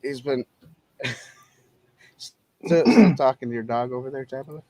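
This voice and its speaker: A man's voice: mid-range voice, measured pace, dark tone, dry recording. A man hosting a casual live-streamed talk show, chatting loosely and laughing often.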